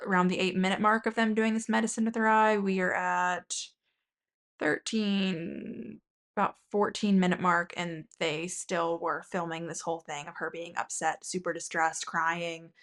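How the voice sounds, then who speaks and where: A woman's voice: lowish voice, fairly bright tone. A woman hosting a commentary channel, indignantly critiquing a video and reading out viewer comments.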